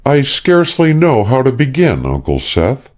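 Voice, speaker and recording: A man voicing a calm, sad young woman in an audiobook. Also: mid-range voice, moderate pace, pitched above the performer's own voice.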